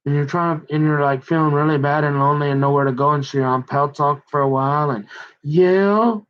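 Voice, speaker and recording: A man's voice: on the high side, fairly even intonation, brisk, clean tone. A man rambling through a monologue, talking to himself in second person with lots of filler. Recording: dull lo-fi recording.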